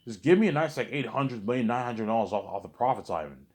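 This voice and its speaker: A man's voice: medium pitch, animated, fast, close to an everyday voice. A man doing a greedy director haggling for more. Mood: wheedling. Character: greedy male film director haggling over pay.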